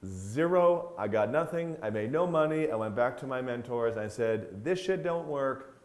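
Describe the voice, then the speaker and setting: A man hosting a casual talk to camera, telling stories with big swings in pitch and loudness and swearing bluntly now and then. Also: expressive, moderate pace, reverberant. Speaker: host.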